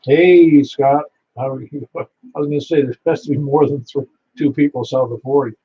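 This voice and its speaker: A man's voice: medium pitch, steady tone, moderate pace, dark tone, breathy edge. A man running an amateur radio net, chatting and telling stories with an easy laugh. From Niagara Falls, New York. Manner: chatty, storytelling, laughs easily. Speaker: net control operator. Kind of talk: ham radio net chat. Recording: muffled lo-fi radio audio.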